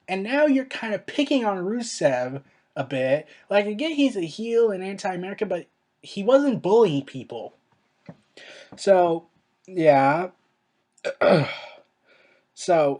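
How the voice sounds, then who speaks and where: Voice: medium pitch, a little mellow. Casual commentary, exasperated, rambling, self-correcting, mid-range voice. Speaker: wrestling commentary vlogger.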